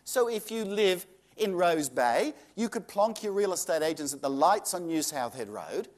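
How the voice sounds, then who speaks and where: A man's voice: sits high, big pitch swings, moderate pace. An Australian man giving a live seminar to an audience, combative and sarcastic, firing off rhetorical questions. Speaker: seminar presenter.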